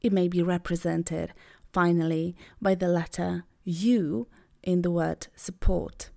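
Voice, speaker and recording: A young woman whose first language is Polish, teaching English pronunciation on a podcast in an upbeat, clear voice and sounding out words slowly and carefully. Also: fairly low pitch, steady tone, a little mellow. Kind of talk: podcast lesson.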